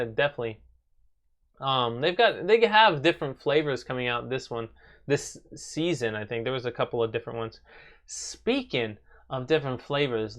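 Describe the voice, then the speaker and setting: A man's voice: fairly high pitch, fairly bright tone. A young man hosting a casual live stream from his apartment, chatting with viewers in a rambling way with many fillers.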